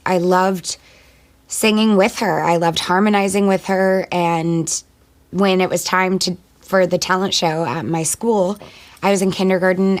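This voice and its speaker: A woman with a fairly low voice, talking casually in an interview. She is chatty and playful, and gives short, snappy answers. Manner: chatty and playful, quick one-word answers. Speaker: singer and actor being interviewed.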